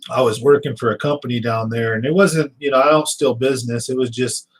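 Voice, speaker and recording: A man's voice: mid-range voice, fairly even intonation, brisk, low-quality recording. A man hosting a fishing channel, chatting casually and telling stories in a loose, rambling way with fillers, restarts and a slight lisp. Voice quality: slight lisp, sometimes gets stuck on words.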